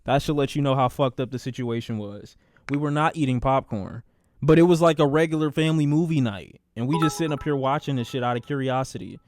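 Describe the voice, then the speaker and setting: A man streaming a casual storytime, talking in an animated, profane way and acting out the voices of the people in his story. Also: medium pitch, quick pace.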